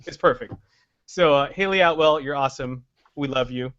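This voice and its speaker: A man's voice: mid-range voice, normal speed, a bit bright, dry recording. A man hosting a casual podcast, enthusiastic and laughing often. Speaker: podcast host. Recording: slightly dull lo-fi audio.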